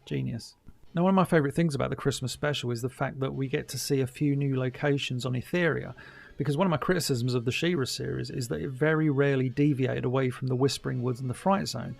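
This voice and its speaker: Wry man with a gravelly edge. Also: medium pitch, quick pace. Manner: wry, chatty, mock-dismissive. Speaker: commentary host. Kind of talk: casual audio commentary.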